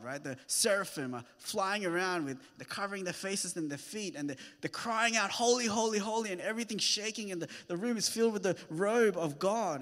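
A man's voice: high-pitched, a bit bright. A man preaching a sermon, earnest and rising to emphatic peaks. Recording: long hall reverb.

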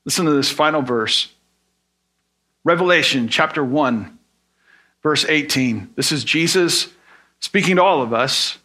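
A man with a high, bright voice preaches at an unhurried pace. He teaches earnestly, leaning on everyday examples and rhetorical questions to make his points. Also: animated. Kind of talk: sermon teaching.

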